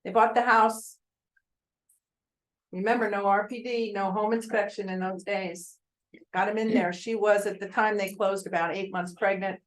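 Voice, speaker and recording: Older woman, seasoned realtor, informal talk to a room of colleagues; chatty storyteller who tosses questions to the crowd, mid-pitched voice. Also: steady tone, normal speed, low-quality recording. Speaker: real estate agent addressing colleagues.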